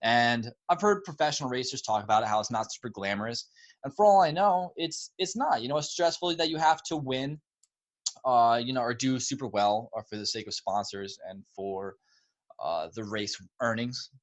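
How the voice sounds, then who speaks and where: A young adult man chatting as an interview guest, relaxed and conversational. He tells stories with energy, acting out what others said in a higher, louder voice. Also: moderate pace. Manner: animated storyteller, acts out quotes in a raised voice. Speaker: guest, pro obstacle course racer. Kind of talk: casual interview chat.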